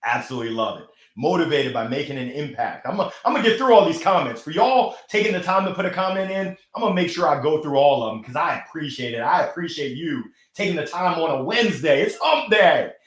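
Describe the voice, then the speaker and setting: An energetic man hosts a live motivational stream and answers viewer comments. His voice sits on the higher side and he laughs often. The room around his microphone is echoey. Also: fast talker, hardly any pauses. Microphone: gold microphone.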